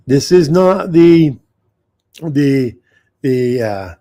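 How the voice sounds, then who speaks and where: A man hosts a live, uncensored stream, ranting loudly with heavy swearing and addressing viewers in the chat directly. His voice is on the high side and animated, though he takes his time.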